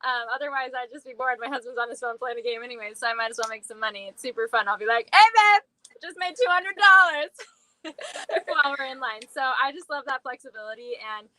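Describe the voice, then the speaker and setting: A woman's voice: a little high, fairly even intonation, fast talker, bright, forceful tone, dry recording, low-quality recording. A woman in her twenties on a video call, talking in a bubbly, giggly way. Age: 20s. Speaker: sales consultant. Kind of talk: casual live video chat.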